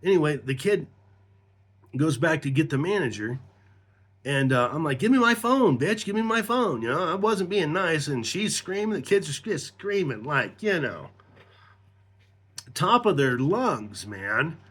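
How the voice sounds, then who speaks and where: A man's voice: a little high, animated, unhurried, pauses often, fairly bright tone, husky. A middle-aged man telling a rambling, profane personal story in casual talk, laughing as he goes.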